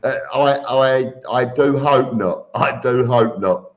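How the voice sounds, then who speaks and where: A man's voice: mid-range voice, slow pace. A man hosting a casual live stream, reading viewer comments aloud and answering them with chuckles. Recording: dull lo-fi stream audio.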